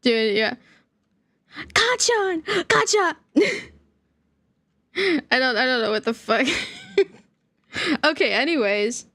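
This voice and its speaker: A young woman with a high, bright-pitched voice chats on her stream in a loose, rambling way. She giggles often and lets her sentences trail off. She speaks slowly, and the sound is dry and close, with no room echo. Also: sing-song. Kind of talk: casual livestream chat.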